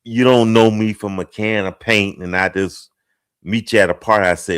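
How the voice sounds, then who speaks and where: A man's voice: on the low side, fairly even intonation, normal speed, a bit bright, smooth. A middle-aged man hosting a casual group discussion, hesitant and self-mocking, joking his way through the topic. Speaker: talk show host.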